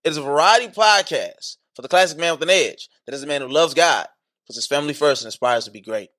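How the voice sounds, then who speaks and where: A man hosting a podcast in casual chat, slangy and hyped, repeating catchphrases, then slowing into earnest teaching. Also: a little high, expressive, sharp tone. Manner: switches to slower earnest teaching. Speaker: podcast host.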